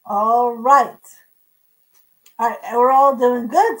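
A woman's voice: fairly high pitch, steady tone, slow pace, a bit bright, low-quality recording. A woman co-hosting a live online auction, chatting casually as she describes vintage pieces and stumbles over names. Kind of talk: casual live-stream selling chat.

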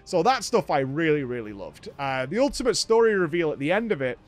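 A man's voice: a little high, very animated, brisk, soft background music. A man hosting a gaming show, recapping a game in a rambling, enthusiastic way.

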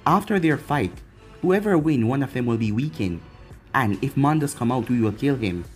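A man's voice: mid-range voice, lively intonation, moderate pace, faint music behind, lightly acted. Man doing a scheming tiger beast. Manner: plotting, cold. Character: scheming male tiger summon.

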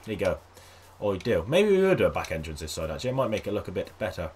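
A man giving casual let's-play commentary on a game, chatting to his viewers and coaxing animals along in a high sing-song voice. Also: huge pitch swings, racing, darkish tone, slight background noise. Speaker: gaming video host.

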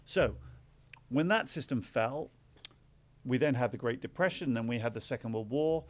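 A middle-aged Englishman speaking at a lectern, his voice sitting at an ordinary middle pitch. He explains things plainly to a live audience. His asides come out wry and self-deprecating. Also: lively intonation, moderate pace. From England. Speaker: author giving a talk. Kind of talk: public lecture.

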